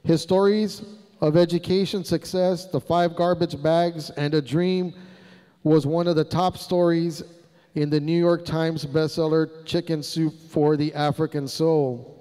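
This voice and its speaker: Man, energetic assembly emcee, high smooth voice, long hall reverb. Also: measured pace. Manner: energetic, leads call-and-response chants. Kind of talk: rallying a school assembly. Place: large hall.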